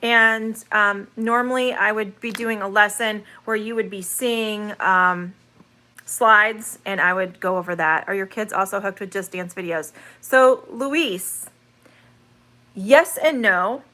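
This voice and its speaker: A woman teaches English on a live stream, with a bright, clear tone. She talks unhurriedly, answers viewers' comments as they come in, and draws out each vowel sound with care. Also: medium pitch. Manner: chatty, reads viewer comments aloud and answers them; sounds out vowels slowly and carefully. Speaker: online ESL teacher.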